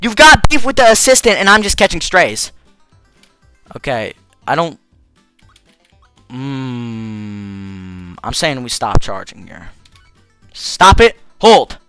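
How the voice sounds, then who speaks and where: A man's voice: mid-range voice, very animated, slow pace, pauses often, pushed and bright, soft background music. A young man casually commenting over a video game he's playing, with joking, slangy, crude asides. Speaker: let's play host.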